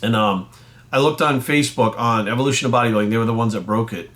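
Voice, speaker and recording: Man, bodybuilding coach, heated rant, blunt, swears a lot, middling pitch. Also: fast, fairly bright tone. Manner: angry, blunt, heavy swearing. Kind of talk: heated profane rant to camera.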